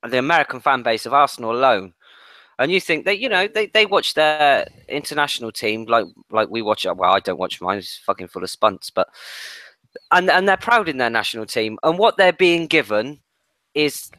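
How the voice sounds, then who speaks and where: A man co-hosting a podcast with a bright, sharp voice. He gives blunt opinions laced with swearing. The sound is dry and close. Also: mid-range voice, animated, normal speed, dry recording. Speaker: podcast co-host. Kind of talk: casual podcast chat.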